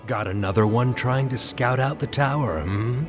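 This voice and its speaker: An actor playing a gruff male trapper in a game, blunt and scornful. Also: medium pitch, moderate pace, natural voice. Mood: hostile. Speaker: game character. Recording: game audio over music.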